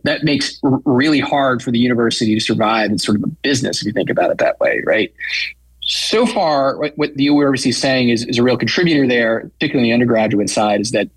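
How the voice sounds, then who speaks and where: A man, a guest on a radio news show, explaining local matters quickly with frequent fillers. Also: mid-range voice, breathy edge, no echo, rough recording. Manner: fast, explanatory, many fillers. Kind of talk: radio interview analysis.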